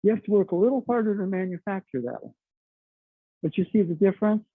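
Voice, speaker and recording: A man's voice: high voice, animated, fast talker, breathy edge, dry recording. A middle-aged man teaching a martial arts class, explaining chattily with lots of "okay" and "you know.". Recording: dry, tinny phone-like sound.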